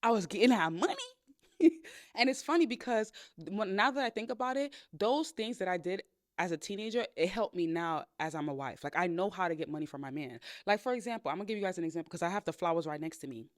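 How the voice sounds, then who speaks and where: A woman's voice: lowish voice, fast talker, dry recording, studio quality. Blunt, sassy woman podcast host. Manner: blunt, sassy and profane, big-sister tone; animated storytelling with playful quoted voices. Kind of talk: candid advice monologue.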